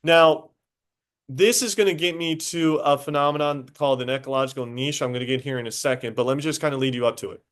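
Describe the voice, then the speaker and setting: A man teaching a high school biology class, casual and talkative, stopping to quiz students directly. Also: quick pace, fairly bright tone. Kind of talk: classroom lecture.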